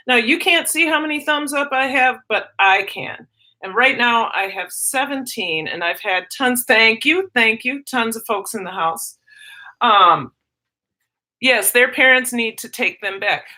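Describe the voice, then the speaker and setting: An excitable woman chats through her own live stream, calling out to viewers by name between stories. Her voice sits a little high and rings bright and forceful, and her talk is loose, chatty and quick to bounce around. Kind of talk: casual live-stream chat.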